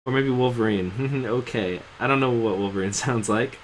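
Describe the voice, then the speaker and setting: A man's voice: mid-range voice, normal speed, slight background noise, poor audio. A man casually commenting while he plays and voices a video game, with rambling, self-mocking asides. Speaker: streamer. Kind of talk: casual let's-play commentary and voice acting. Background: game music.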